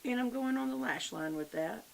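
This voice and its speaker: Speaking at normal speed in a higher, expressive register with vocal fry, an older Southern woman leads a makeup tutorial as a beauty vlogger. Her manner is friendly, folksy and talkative, full of "y'all." The rough recording has a faint background hiss.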